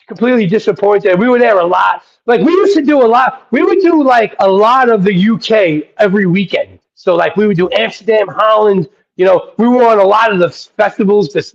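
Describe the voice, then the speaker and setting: A man being interviewed as a guest rapper, telling excited, rambling anecdotes full of profanity. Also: high-pitched. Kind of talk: casual interview storytelling. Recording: dull lo-fi audio.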